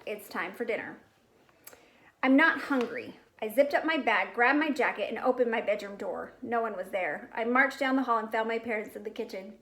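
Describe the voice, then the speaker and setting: A woman reading a children's chapter book aloud, raising her pitch and volume for the characters' lines. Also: fairly quick, few pauses, a bit bright, poor audio. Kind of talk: storybook read-aloud.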